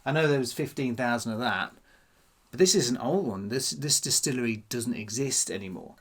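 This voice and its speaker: A man's voice: medium pitch, moderate pace. A man hosting his own whisky channel, chatting casually to camera and musing aloud as he tastes. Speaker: whisky vlogger. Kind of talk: casual tasting chat to camera.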